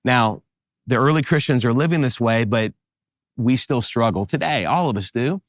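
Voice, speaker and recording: Man, Southern American accent, middle-aged pastor, animated sermon delivery, dry close sound. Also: medium pitch, normal speed, no room sound. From American South, New Orleans area. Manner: animated preaching with emphatic rises.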